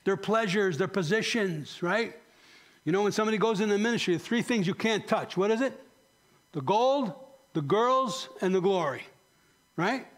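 A male pastor preaching with passion, his high voice climbing on pointed questions before falling to a near-hush. The delivery is a fervent sermon, by turns urgent and sorrowful. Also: animated, normal speed. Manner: impassioned preaching, rising to emphatic high questions then dropping soft.

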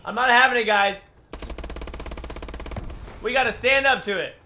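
A young man with a very high, bright voice, narrating his game in an excitable, trash-talking way. He laughs a lot between shots. Faint game noise sits behind him. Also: a little slow. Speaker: gaming YouTuber. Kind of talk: live gameplay commentary.

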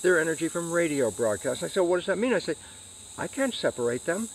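Animated man explaining science. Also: on the high side, a little fast, a little hiss or hum, rough recording. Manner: animated, acts out questions and answers to himself. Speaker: interview guest, scientist. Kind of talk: explanatory interview answer.

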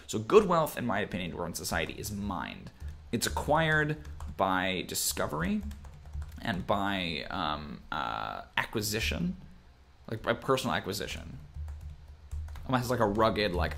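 Young guy from minnesota chatting through ideas, low gravelly voice that swings up and down a lot, keys clacking. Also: wildly swooping pitch, unhurried, fairly bright tone, a little hiss or hum. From Minnesota, USA. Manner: thinks aloud with many fillers and restarts. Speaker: game master and show host. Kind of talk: casual livestream chat, reading viewer comments.

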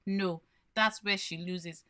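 A woman's voice: fairly low pitch, fairly even intonation, slow, bright, forceful tone. A woman coaching small business owners in a live workshop, explaining by posing questions and then answering them. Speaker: branding coach.

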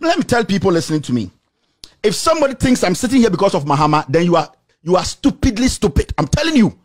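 A man with a Ghanaian accent delivering an angry, insulting rant to the camera, repeating himself and shouting. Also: high voice, sing-song, fast talker. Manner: shouting, insulting, repetitive tirade. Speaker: political commentator.

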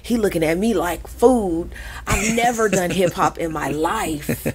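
Woman, 40s, podcast guest; husky and low, a lively, profane storyteller who acts out every quote. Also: a little slow. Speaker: podcast guest, krump dancer. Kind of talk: animated storytelling in conversation.

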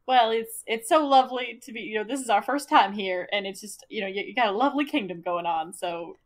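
A woman's voice: medium pitch, close to an everyday voice. A woman playing an awkward, grumpy adventurer. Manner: awkward, halting politeness. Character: grumpy female adventurer, uneasy with cheer.

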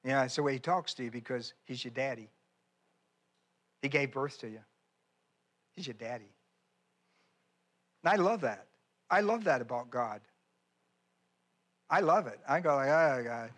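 A man's voice: medium pitch, lively intonation, normal speed, long pauses, fairly bright tone. A man preaching a sermon as pastor, folksy and emphatic, with chatty asides and repeated phrases. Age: older.

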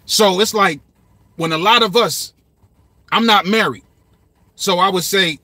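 A man's voice: high voice, unhurried, pushed and bright, dry recording. A man in casual commentary, breaking down song lyrics in a loose, repetitive way with some swearing. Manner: loose and repetitive, swearing, quoting lines aloud.

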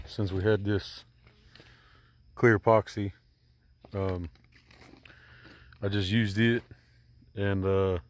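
Recorded outdoors by a boat, a middle-aged man hosts a DIY video, casually explaining how-to work as he rambles and thinks aloud, full of ums and uhs. His voice is fairly low, over a little hiss or hum.

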